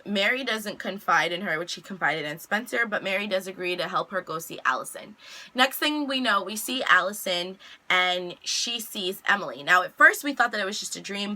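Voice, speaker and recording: A woman's voice: medium pitch, bright, forceful tone. A woman vlogger chattily recapping a TV episode, retelling scenes with loose quotes.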